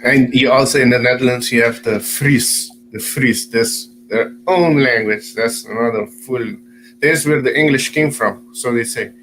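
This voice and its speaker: A man's voice: medium pitch, moderate pace, a bit bright, low-quality recording. Guy on a call reading comments out, slight hum behind. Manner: chatty, reads out comments. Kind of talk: casual chat. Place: Caribbean.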